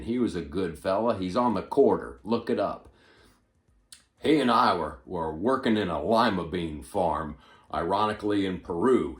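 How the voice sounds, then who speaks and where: A male comedian doing an impression of a rambling, forgetful elderly male politician, stumbling over repeated words with sudden loud bursts. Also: low voice, roomy sound, close to an everyday voice. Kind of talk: stand-up impression monologue.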